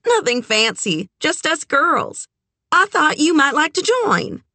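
A woman voicing a brash, bubbly young woman who talks loud, high and gushing. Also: big pitch swings, slow, dry recording, exaggerated voice.

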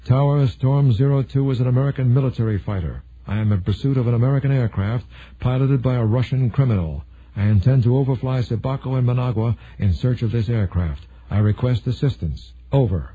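A man's voice: medium pitch, brisk, warm tone, slightly rough, close to an everyday voice. A man playing a blunt, determined Air Force colonel. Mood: firm. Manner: firm, blunt, decisive. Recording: narrow phone-like sound.

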